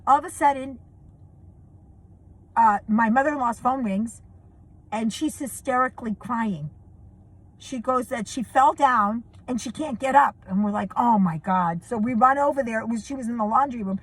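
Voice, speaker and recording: A middle-aged woman tells a family story to her viewers in a casual, chatty way. Her voice sits high and a little husky, and she laughs and gets animated as the tale builds. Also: normal speed. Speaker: vlogger telling a family story.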